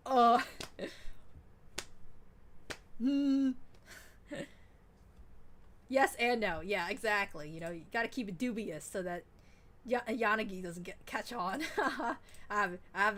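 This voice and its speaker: A woman streamer chatting casually while playing a game, excitable and rambling, swearing freely. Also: mid-range voice, slow pace, long pauses. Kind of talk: casual gaming stream chat.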